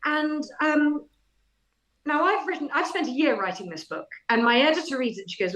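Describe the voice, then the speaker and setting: A middle-aged woman, a guest author, telling animated anecdotes in a casual interview with self-deprecating humour. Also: high voice, moderate pace, rough recording.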